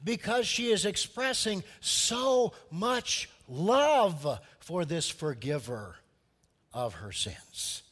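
A man preaching a sermon, telling a story with lively acted-out voices for its people. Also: sits high, takes it slowly, in a large hall. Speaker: pastor.

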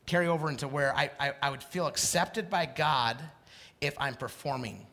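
A middle-aged male preacher from Idaho giving a passionate sermon, swinging from quiet confession to shouted exclamation. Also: medium pitch, normal speed, big-room sound.

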